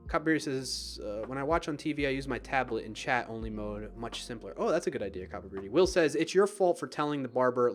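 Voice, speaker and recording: A man hosting a live stream, chatting casually, reading viewer comments aloud and laughing at himself. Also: medium pitch. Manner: chatty and self-deprecating, laughs often.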